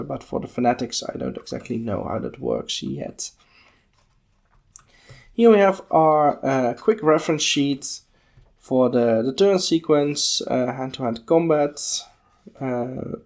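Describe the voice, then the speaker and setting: A man's voice: mid-range voice, creaky, a little mellow. A man hosting a podcast, casually walking through a book page by page and thinking aloud. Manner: unhurried, musing, thinking aloud with fillers. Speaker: podcast host.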